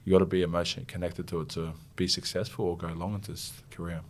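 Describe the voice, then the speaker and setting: A young Australian man, a rugby league captain, talking earnestly and haltingly in an interview, getting emotional. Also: low voice, little pitch movement. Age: young adult. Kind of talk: casual interview.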